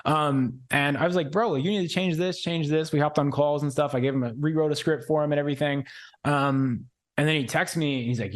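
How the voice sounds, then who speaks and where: A man's voice: on the high side, fairly even intonation, a little fast. Young man telling a slangy story. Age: 20s. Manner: loose, slangy, lots of "like" and "bro". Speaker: podcast guest. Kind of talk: casual storytelling.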